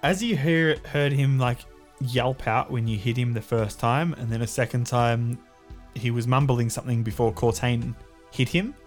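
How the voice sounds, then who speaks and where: A man running a tabletop role-playing game, calmly setting each scene for the players. Faint music plays in the background. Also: medium pitch, moderate pace. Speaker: game master.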